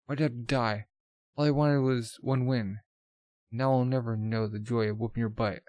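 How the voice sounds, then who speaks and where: A man's voice: medium pitch, fairly even intonation, moderate pace, darkish tone, no echo, clean studio sound, close to an everyday voice. A man reading the lines of a brash, hard-drinking demon woman fighter from a manga. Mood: grieving.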